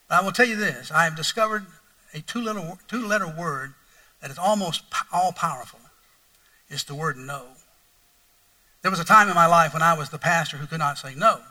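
Middle-aged male pastor, high voice, folksy sermon storyteller, heard a bit off-mic. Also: moderate pace, long pauses, bright, forceful tone, far from the mic, low-quality recording. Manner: folksy, repetitive, rising to mock outrage.

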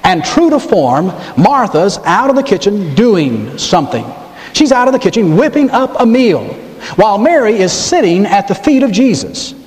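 A man's voice: high voice, very animated, moderate pace, darkish tone, long reverb tail. A man preaching a sermon as pastor, emphatic and repeating key words for stress.

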